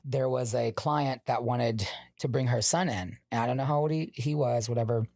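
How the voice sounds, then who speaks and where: A man's voice: medium pitch, moderate pace, no room sound, clean studio sound. A man telling stories as a podcast guest, casual and profane, acting out the dialogue. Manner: profane, animated, acts out quoted dialogue. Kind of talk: casual storytelling.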